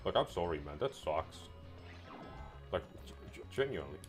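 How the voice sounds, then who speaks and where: Deep-voiced sarcastic gaming commentator. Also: male voice, big pitch swings, moderate pace, soft background music. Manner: sarcastic, joking, swears freely. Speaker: gameplay commentator. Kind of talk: casual let's-play commentary.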